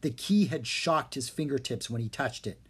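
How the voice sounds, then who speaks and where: Husky storybook narrator. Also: mid-range voice, animated, normal speed, fairly bright tone. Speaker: audiobook narrator.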